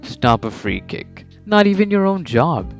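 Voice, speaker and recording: A man voicing a cocky teenage male soccer striker who taunts and shouts at his rivals, over background music. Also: on the low side, normal speed, highs cut off, natural voice. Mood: taunting. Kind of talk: fan story voice acting.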